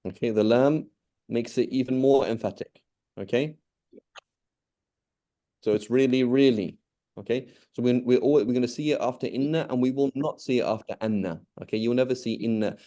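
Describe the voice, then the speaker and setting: A man's voice: medium pitch, normal speed, mellow. A man teaching an online Arabic grammar lesson, explaining patiently with everyday examples and often checking in with "okay?".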